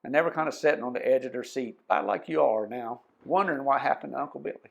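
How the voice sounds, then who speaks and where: A man's voice: medium pitch, quick pace, gravelly. A man telling folksy tall tales to a live audience, speaking to them directly as co-host. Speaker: storyteller co-host. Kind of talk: live storytelling before an audience. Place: museum parlor talk.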